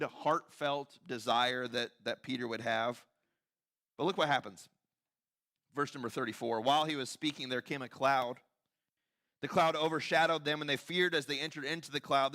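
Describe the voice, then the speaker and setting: A man delivers a sermon in a church with a bright, forceful voice pitched slightly above most men. He preaches conversationally, acting out quoted voices and sinking to quiet, intense emphasis at key points. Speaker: pastor. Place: church sanctuary.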